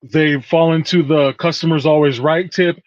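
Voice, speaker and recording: Slightly high man, muffled podcast audio. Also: normal speed. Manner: relaxed storyteller, recounts scenes step by step. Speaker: podcast co-host. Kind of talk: casual podcast chat.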